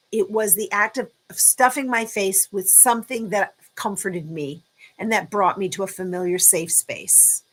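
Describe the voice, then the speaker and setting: A woman talks casually to her live chat audience at a middling pitch. She encourages them in a chatty way and often pauses on ums and restarts. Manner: chatty, warm-hearted encouraging, lots of ums. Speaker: livestream host.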